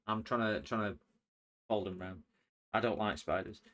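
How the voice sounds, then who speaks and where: Man, middle-aged, lowish voice, jokey rambling chat, livestream repair commentary. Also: normal speed, a bit bright. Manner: jokey, rambling, sings and hums to himself. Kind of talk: casual chat while working.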